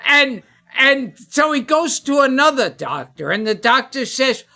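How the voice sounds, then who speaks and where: Slow, bright-voiced man telling jokes. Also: extremely high pitch, big pitch swings, vocal fry. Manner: halting, full of uh and um, laughing at his own jokes. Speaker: comedian guest. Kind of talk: joke-telling podcast chat.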